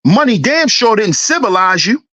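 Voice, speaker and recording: A man's voice: high-pitched, sing-song, moderate pace, pushed and bright. A man hosting a livestream, ranting in a heated, preachy and profane way, repeating his lines for emphasis. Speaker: livestream host. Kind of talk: livestream commentary rant.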